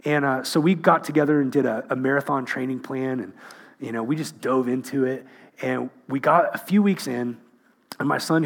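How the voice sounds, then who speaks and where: A man's voice: mid-range voice, vocal fry. A middle-aged man preaching a sermon, telling funny self-mocking family stories before landing an earnest point. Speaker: pastor.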